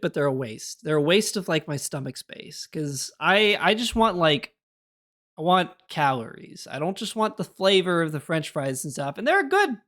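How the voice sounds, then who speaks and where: Rambling, lively young man streaming. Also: sits high. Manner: rambling and chatty, answering chat with laughs. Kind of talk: casual live-stream chat.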